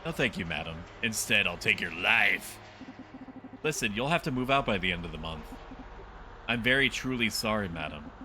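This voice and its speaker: A man's voice: fairly low pitch, lively intonation, normal speed, pushed and bright, faint music behind, exaggerated voice. A man voicing a dutiful young bailiff who formally apologizes while seizing a home. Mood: grim.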